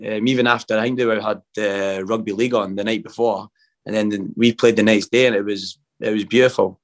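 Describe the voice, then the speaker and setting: Scottish male footballer, young, laid-back rambler, slightly low voice. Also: fairly even intonation, a little fast. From Scotland. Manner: laid-back, rambling, peppered with "mate" and "man". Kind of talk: casual interview chat.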